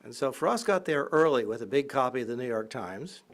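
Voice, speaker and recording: A professor giving a public lecture, telling anecdotes and acting out the voices in them. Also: male voice, medium pitch, a little fast. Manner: lively anecdotal storytelling, acting out quotes. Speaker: professor and biographer.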